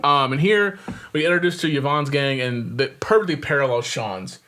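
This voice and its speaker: A male podcast host talking through a movie scene by scene in a loose, rambling way. He fills the gaps with ums and little chuckles, at an ordinary middle pitch and an everyday pace. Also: animated, normal speed, a bit bright. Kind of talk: casual film-recap chat.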